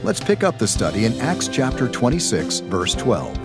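A man's voice: medium pitch, very animated, moderate pace. A male radio program announcer reading a scripted, persuasive appeal and introduction. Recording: radio studio voice with music behind.

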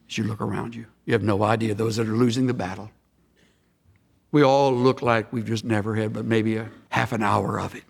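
An older man preaching a sermon, telling stories and swinging from loud exclamations to hushed near-whispers, recorded in a large hall. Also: lowish voice, gravelly, breathy edge. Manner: storytelling, drawn-out words. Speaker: pastor. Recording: long reverb of a large hall.

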